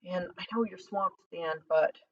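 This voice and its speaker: Calm clipped ex-soldier guy, a woman doing him, audiobook, sounds a bit far and dull. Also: lowish voice, a little slow, creaky. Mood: urgent. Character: steady grown man, ex-soldier, urgent. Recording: slightly distant dull lo-fi recording.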